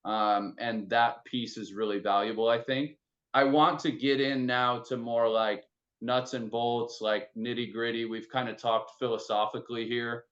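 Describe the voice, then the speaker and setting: A man of middle pitch chats loosely as a podcast host, piling on filler words as he goes. The recording has a dull, lo-fi sound. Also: steady tone, moderate pace, fairly bright tone. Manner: loose and talkative, lots of filler likes. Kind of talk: casual conversational discussion.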